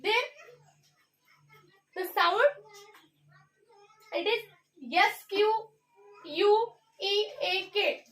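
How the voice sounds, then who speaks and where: A young woman with an Indian English accent teaches an English class, spelling each word letter by letter. Her voice sits very high and bright, and she talks at a slow, careful pace. She is heard from some distance away from the mic. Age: young adult. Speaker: student teacher.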